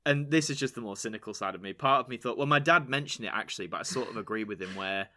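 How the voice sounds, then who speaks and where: A man from England hosting a casual interview, chatty and animated, often jumping into high quoted voices. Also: fast talker. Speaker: podcast host.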